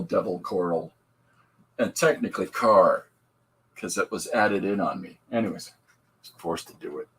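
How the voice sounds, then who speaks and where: A man's voice: fairly low pitch, bright, forceful tone, breathy edge, poor audio. A man hosting a podcast livestream, rambling and upbeat as he greets viewers and talks about his comics. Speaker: podcast host and comic artist. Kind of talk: casual livestream chat.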